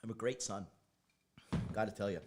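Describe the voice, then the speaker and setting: A man's voice: lowish voice, moderate pace, noisy background. A man hosting a casual livestream as a dating coach, talking bluntly, rambling off on tangents and swearing now and then. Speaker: dating coach and show host.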